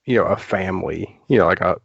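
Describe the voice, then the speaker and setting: A man with a very low voice talks loosely as a guest on a podcast. He piles up fillers and starts his sentences over. The sound is close and dry, but dull and lo-fi. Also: fast, creaky, husky, no room sound. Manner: rambling, many fillers and restarts. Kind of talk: casual podcast chat.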